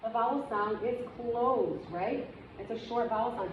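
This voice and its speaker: A woman reading teacher giving a demonstration lesson, with clear, encouraging, step-by-step instructions and asides to other teachers. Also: a little high, measured pace. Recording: echoey room, dull and noisy sound.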